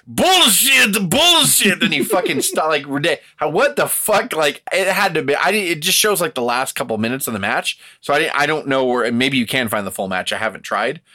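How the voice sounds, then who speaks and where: A man co-hosting a casual podcast chat, animated and swearing often while acting out quotes. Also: fairly high pitch, brisk, hardly any pauses. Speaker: podcast co-host.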